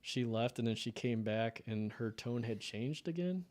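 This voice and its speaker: A man's voice: medium pitch, lively intonation, moderate pace, a little mellow. A man in his thirties from the United States, telling an emotional personal story in a casual podcast conversation. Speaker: podcast guest.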